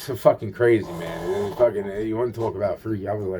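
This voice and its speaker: A man's voice: lowish voice, fairly even intonation, quick pace, vocal fry, few pauses, dark tone, a little hiss or hum. A man rambling through a paranoid personal story, swearing constantly and restarting his sentences.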